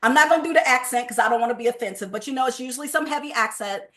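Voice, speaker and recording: A high, bright voice from a woman in her fifties leading a sales training. She talks in a lively, sermon-like way, slipping into little acted phone calls to make her point. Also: racing. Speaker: sales coach. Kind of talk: motivational sales training talk.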